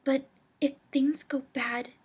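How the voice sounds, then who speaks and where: A woman with a cold voicing an urgent, protective female alicorn pony princess in a storybook reading, her voice raspy. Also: sits high, fairly even intonation, takes it slowly, darkish tone, pitched above the performer's own voice. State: sick with a cold.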